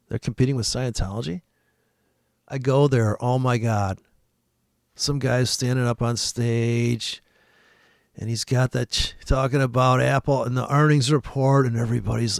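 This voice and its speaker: A forex trader with a gravelly, darkish mid-range voice delivers his weekly forecast as rambling, profane market commentary, swearing often and laughing at his own jokes. The recording is studio quality with no echo.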